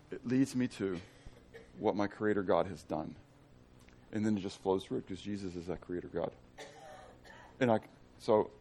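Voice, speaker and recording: Animated man teaching a Bible study. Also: lowish voice, slight background noise. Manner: animated, joking asides and questions to the class.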